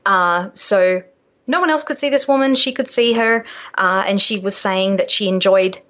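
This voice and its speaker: A woman's voice: medium pitch, moderate pace, fairly bright tone, lo-fi sound. A woman, an author guest on a radio show, telling stories in a hesitant way with many fillers. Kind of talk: interview storytelling.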